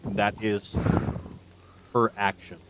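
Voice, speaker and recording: A man running a tabletop game as game master, narrating events with slow dramatic pauses. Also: lowish voice, flat delivery, very noisy.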